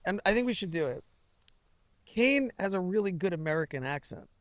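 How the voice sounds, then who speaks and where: Man, podcast host, excitable, laughs a lot, high-pitched, dry close mic. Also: a little fast, no room sound. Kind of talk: casual chat.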